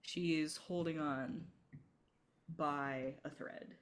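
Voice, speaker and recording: Woman game master, tabletop game, slow and measured, lowish voice, casual, laughs often. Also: steady tone, a little hiss or hum.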